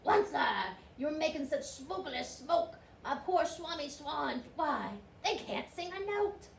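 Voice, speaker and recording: A woman's voice: lively intonation, measured pace, vocal fry, recorded from a distance, exaggerated voice. A woman voicing a small, grumpy male forest creature who scolds and coughs, in a storybook reading. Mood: scolding. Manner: scolding, high and loud, coughing. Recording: roomy with faint hiss.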